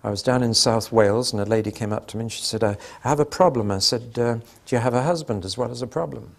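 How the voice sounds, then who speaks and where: An older preacher gives a sermon in a husky, slightly breathy voice at an everyday middle pitch. He tells stories with dry humour and acts out the back-and-forth of conversations. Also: fast.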